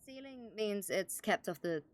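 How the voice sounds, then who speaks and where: A woman's voice: medium pitch, lively intonation, unhurried, noisy background. A woman role-playing a police officer, chatting in character with frequent swearing and stammered restarts. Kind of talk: in-character role-play chat.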